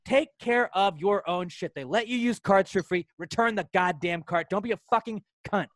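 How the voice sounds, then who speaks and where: A young man co-hosting a podcast, ranting loudly and angrily with lots of swearing. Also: high voice, moderate pace, no room sound. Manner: profane, loud, angry ranting. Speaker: podcast co-host. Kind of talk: heated rant on a podcast.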